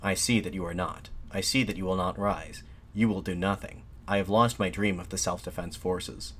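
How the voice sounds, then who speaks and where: A man voicing a defiant middle-aged man haranguing soldiers, declaiming insistently and rising to shouts. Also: mid-range voice, moderate pace, close to an everyday voice. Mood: resigned.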